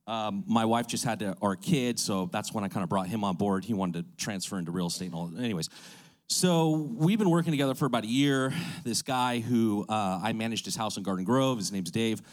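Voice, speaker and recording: A man's voice: lowish voice, a little fast. A man who runs a real estate business, telling a story in a chatty way, full of fillers and asides. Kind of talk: casual storytelling.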